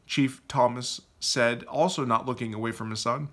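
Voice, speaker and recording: A man reading his own novel aloud as an audiobook narrator, with an expressive, animated delivery. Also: mid-range voice, moderate pace, few pauses.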